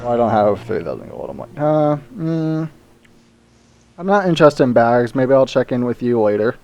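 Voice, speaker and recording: A man's voice: medium pitch, big pitch swings, normal speed, darkish tone, dull audio. Stammering polite man playing a game. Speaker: player. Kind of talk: casual tabletop play.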